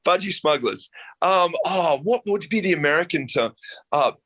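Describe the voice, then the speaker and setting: A man's voice: a little high, lively intonation, moderate pace, a bit bright. An Australian man, a rock singer, chatting playfully as an interview guest and laughing often. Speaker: band vocalist, guest. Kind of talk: casual interview chat.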